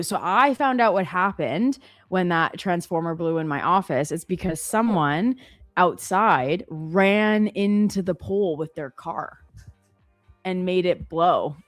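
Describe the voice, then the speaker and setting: A woman with a fairly low voice talks casually on a live stream. She is chatty and self-deprecating and keeps quoting her own thoughts. Faint music plays underneath. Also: unhurried. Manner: chatty, self-deprecating, quotes herself often. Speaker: co-host trading live.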